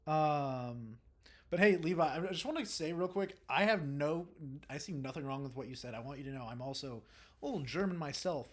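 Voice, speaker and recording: Young guy on a livestream, rambling, lots of ums, middle pitch. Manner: rambling and relaxed, many fillers and restarts. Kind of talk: casual chat reading live comments.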